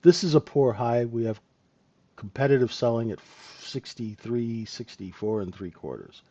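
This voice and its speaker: Hosting a live trading room, a man talks over the market in a relaxed, chatty way, regularly checking in with his audience through repeated tag questions and laughing asides. His mid-range voice is warm and expressive at a moderate pace, captured in dull audio.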